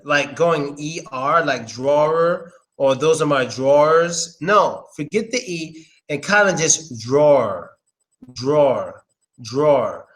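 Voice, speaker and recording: A man giving a casual, informal pronunciation lesson, slowly repeating words and swearing now and then. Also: fairly high pitch, fairly bright tone. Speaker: English pronunciation teacher. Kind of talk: casual live-stream lesson.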